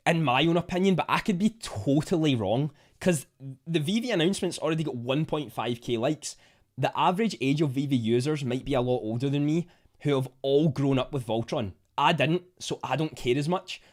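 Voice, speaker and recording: A young man with a Scottish accent chatting casually on a livestream, reading out viewer comments with bursts of excitement. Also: medium pitch. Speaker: livestream host.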